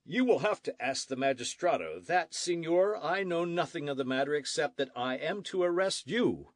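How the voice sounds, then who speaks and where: A man's voice: fairly high pitch, lively intonation, normal speed, no echo, pitched above the performer's own voice, close to an everyday voice. A blunt army sergeant repeats his orders without budging, as a man puts him on for an audiobook. His speech is short and clipped, recorded dry and close. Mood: curt. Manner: curt, repetitive, matter-of-fact. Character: blunt, stubborn military sergeant.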